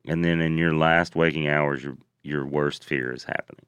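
Super deep dude telling jokey stories on a podcast, dry close sound. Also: male voice, moderate pace, clear, resonant tone, no echo, dull audio. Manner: animated storyteller, jokey voices for quotes. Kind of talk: casual comedic chat.

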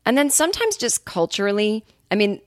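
A woman's voice: medium pitch, big pitch swings, brisk, dry recording, studio quality. A woman hosting a podcast, ranting in a casual monologue, swearing freely and acting out quotes. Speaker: podcast host.

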